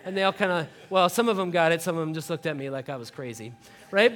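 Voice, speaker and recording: A high-pitched man in his thirties preaches from the front of a church. He tells his story with animated energy, jumping between a soft, hushed tone and bursts of shouting as he acts out the scene. The sound is of a sermon delivered to a congregation. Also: fast talker. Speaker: pastor. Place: church sanctuary.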